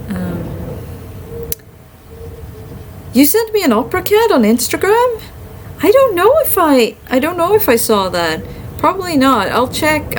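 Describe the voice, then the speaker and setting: A tired woman streamer who is a classical musician, chatting casually and venting in a rambling, animated way while playing a game. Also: mid-range voice, a little hiss or hum, poor audio.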